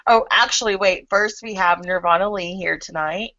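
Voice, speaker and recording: A woman's voice: mid-range voice, moderate pace, bright, forceful tone, no room sound. A woman hosts a casual online chat show, rambling in a loose, friendly way with plenty of ums. Her voice is dry and close, with muffled, lo-fi call audio. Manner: chatty, loose, filler-heavy. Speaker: host.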